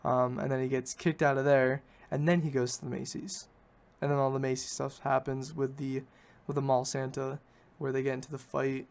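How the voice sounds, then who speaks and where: A man's voice: mid-range voice, little pitch movement, moderate pace, creaky, few pauses, darkish tone. Rambling man recapping a movie. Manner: rambling, self-correcting, hedges often. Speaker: podcast host.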